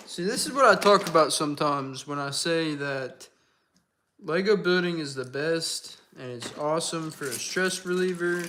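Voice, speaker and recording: Young man, livestream host, a bit high-pitched, easygoing chatter with viewers, desk mic. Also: sharp tone, slight background noise. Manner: chatty, reads out and answers viewer comments. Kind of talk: casual livestream chat with viewers.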